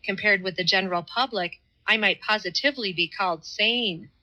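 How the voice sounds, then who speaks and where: A woman's voice: mid-range voice, moderate pace, sharp tone, highs cut off, close to an everyday voice. A woman reading the part of an earnest, devout man who speaks with fervent, laborious care in an audiobook.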